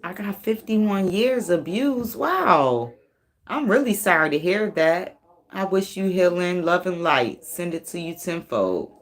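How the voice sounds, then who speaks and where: Animated laughing woman reading tarot. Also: fairly low pitch, unhurried. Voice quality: laughs often, swears freely, very animated. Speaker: tarot reader.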